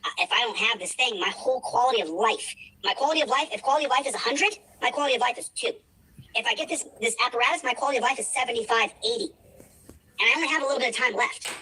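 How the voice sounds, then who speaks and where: A man's voice: extremely high pitch, very fast, pushed and bright, slight background noise, poor audio. A man livestreaming who rambles emotionally, repeats himself and pleads. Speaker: livestreamer asking for a fundraiser.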